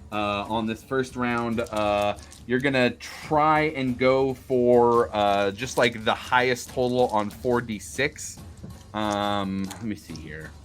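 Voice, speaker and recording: Man, game master, tabletop role-play narration, lowish voice, hesitant, lots of fillers. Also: a bit bright.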